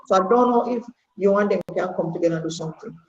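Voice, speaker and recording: A woman's voice: medium pitch, fast, slight background noise. A Jamaican woman of sixty-eight speaking her mind as a party member, earnest and rambling, repeating words for emphasis. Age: 60s. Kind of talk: candid testimony. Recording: echoey room, dull lo-fi sound.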